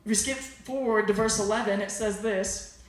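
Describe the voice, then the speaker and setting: A man's voice: high voice, steady tone, moderate pace. A young man preaching a youth sermon in a casual, storytelling way full of slang, recorded on a phone camera from far off. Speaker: youth pastor. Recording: very echoey, distant phone recording.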